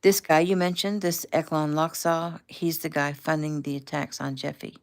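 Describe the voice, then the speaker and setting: A woman's voice: sits low, fairly even intonation, normal speed. A woman reading the lines of a blunt, protective husband, terse and urgent.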